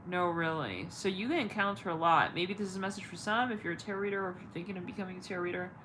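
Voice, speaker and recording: Woman tarot host, low-pitched, loose rambling chat with fillers and swearing, faint hum. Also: very fast, a bit bright, low-quality recording. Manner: rambling, searching for words, frequent fillers and swearing. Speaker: tarot reader and channel host. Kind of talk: casual livestream chat.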